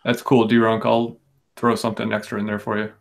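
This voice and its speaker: Gravelly laid-back man calling bids. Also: on the low side, monotone, fairly quick. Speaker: auction co-host. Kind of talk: casual live-stream chat.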